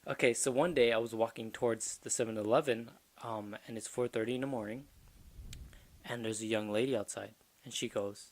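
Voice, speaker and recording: A man's voice: mid-range voice, steady tone, fairly quick, darkish tone. A man co-hosting a podcast, telling a crude comedic story in a rambling, casual way and laughing at his own jokes. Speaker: podcast co-host.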